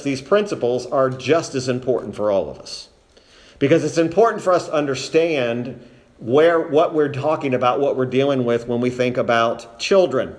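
A man delivering a sermon at a very unhurried pace, leaning on single words to drive home his point. His voice sits in an ordinary middle pitch and stays measured throughout. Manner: slow, deliberate, stresses key words. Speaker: pastor.

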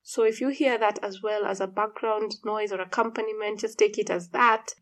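A young woman hosting her podcast in casual chat, a little hoarse and tired, laughing often, in an echoey room with a high ceiling. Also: normal speed. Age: young adult. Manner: relaxed, chatty, laughs often. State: hoarse morning voice. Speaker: podcast host. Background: noisy fridge.

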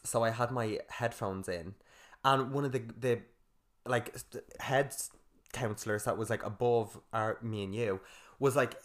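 A man's voice: mid-range voice, moderate pace. A young man co-hosting a podcast, rambling through stories in casual chat full of slang and swearing. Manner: rambling storytelling with crude slang and filler words. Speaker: podcast co-host.

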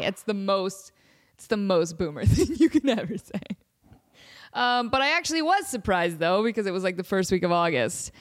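Animated, rambling woman podcaster. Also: mid-range voice, normal speed. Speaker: podcast host. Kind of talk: casual podcast monologue.

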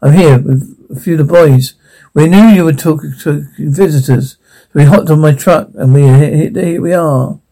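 An actor playing an easygoing, joking air force buddy visiting a friend in a TV drama. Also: male voice, on the high side, moderate pace, dark tone, rough recording. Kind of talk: TV drama acting.

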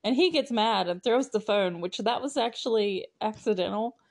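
A woman's voice: fairly high pitch, moderate pace, creaky, a little mellow. A woman hosting a casual movie recap podcast, chatty and laughing, with lots of fillers. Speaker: podcast host.

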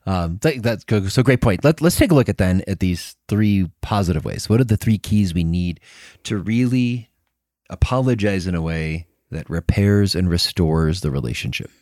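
A man in his thirties with a very deep voice speaks warmly and earnestly, laughing easily as he talks. The recording is dry and close. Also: animated, moderate pace, dry recording. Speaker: podcast co-host. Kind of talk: casual conversation about marriage and faith.

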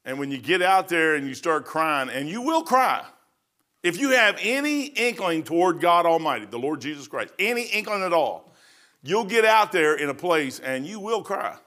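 A middle-aged male pastor preaching a sermon in a folksy storytelling way, acting out quotes loudly. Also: fairly high pitch, big pitch swings, moderate pace.

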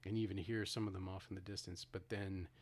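Deep-voiced man retelling a film. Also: little pitch movement, quick pace. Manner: retells scenes with acted-out quotes, frequent restarts. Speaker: podcast co-host. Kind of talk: casual film discussion.

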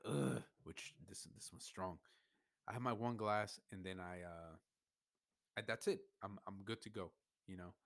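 A man's voice: low voice, fairly bright tone, dry recording, clean studio sound. A young man hosting a podcast, venting in an emotional, rambling monologue full of swearing and restarts. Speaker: podcast host.

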